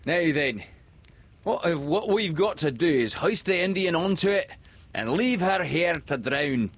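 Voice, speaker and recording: A man voicing a fussy, flustered male pirate bosun in a storybook reading, squeaky and stammering. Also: expressive, a little slow, husky, no room sound, heavily acted. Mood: bossy.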